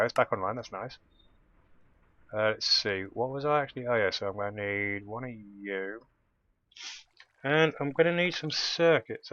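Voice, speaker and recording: A man's voice: medium pitch, fairly bright tone, dry recording, lo-fi sound. A man casually commentating his own gameplay, thinking aloud and muttering as he works things out. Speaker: let's play host.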